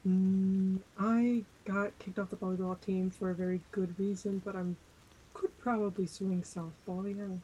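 A woman's voice: medium pitch, flat delivery, measured pace, dark tone, slightly rough, rough recording. A woman player describing her character's actions in an easygoing way. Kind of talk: casual tabletop play.

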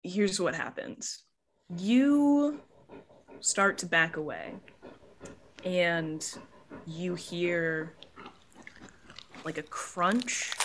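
A woman's voice: sits low, noisy background. A woman narrating a tabletop horror game as game master, descriptive, with many fillers.

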